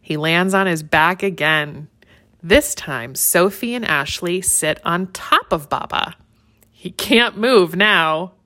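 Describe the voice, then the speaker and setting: A woman reading a children's story aloud in an expressive, sing-song way. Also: lowish voice, slow pace.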